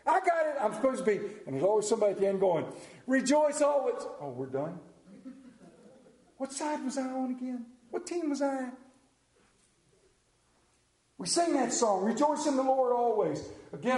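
A man preaching a sermon as pastor, conversational and joking, often dropping to a hushed voice. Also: extremely high pitch, sing-song, moderate pace, long pauses. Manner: humorous, conversational preaching with sudden hushed drops. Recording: roomy church echo.

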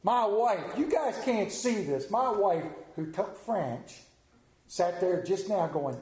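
A middle-aged man preaching a sermon, telling folksy stories and swinging between hushed and animated delivery. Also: sits high, slow. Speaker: pastor. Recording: echoey room.

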